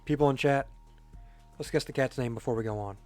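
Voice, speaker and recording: A man's voice: mid-range voice, a little fast, a little mellow, soft background music. A man casually commenting on a game as a streamer, joking and reading chat aloud.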